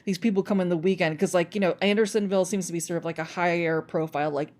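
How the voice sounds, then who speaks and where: A woman guest on a podcast, telling animated stories in casual chat and filling her talk with "like". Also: on the low side, fast. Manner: animated storytelling, lots of "like".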